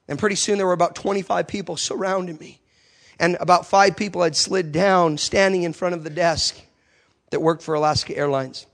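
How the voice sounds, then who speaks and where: High-voiced man preaching a story sermon. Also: fairly quick, a bit bright. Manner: emphatic, repetitive phrasing.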